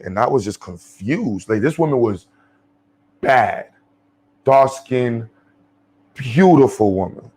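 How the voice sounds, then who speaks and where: A man's voice: mid-range voice, takes it slowly, long pauses, husky. Blunt, profane New man ranting. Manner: animated, blunt and profane, rambling with many fillers and restarts. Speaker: commentary channel host. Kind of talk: off-the-cuff social commentary.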